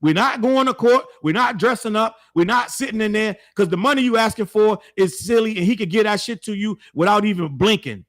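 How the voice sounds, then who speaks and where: A man's voice: sits high, a little fast, hardly any pauses, a bit bright. A man hosting a commentary show, giving blunt, heated opinions in slangy speech and repeating his points for emphasis. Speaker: show host.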